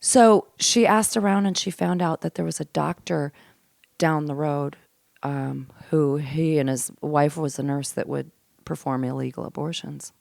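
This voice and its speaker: A woman comedian telling a family story as a podcast guest, animated and given to laughter and swearing, dropping to a hush for the grim parts. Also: low voice, measured pace, creaky, no echo, studio quality. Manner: laughs often, swears casually. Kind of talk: casual storytelling chat. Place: host's home.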